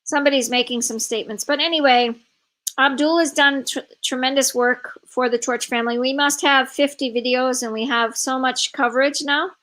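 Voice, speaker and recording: A woman hosting a live online event, telling a travel story in a casual, animated way over a video call. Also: high voice, low-quality recording. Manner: animated, quick bursts of storytelling with laughs.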